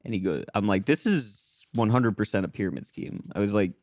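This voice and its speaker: A man's voice: fairly low pitch, brisk. A young American man from a small town, telling a long story on a casual podcast and acting out the people in it. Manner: animated storyteller acting out quoted voices. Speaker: podcast host.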